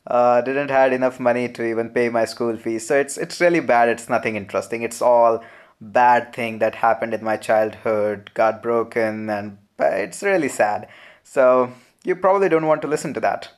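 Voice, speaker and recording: A young man with an Indian English accent answering viewer questions in a relaxed, chatty live Q&A, full of "uh" fillers. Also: mid-range voice, normal speed. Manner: relaxed, chatty, frequent "uh" fillers, laughs often. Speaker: programming channel host. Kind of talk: live Q&A, reading viewer comments.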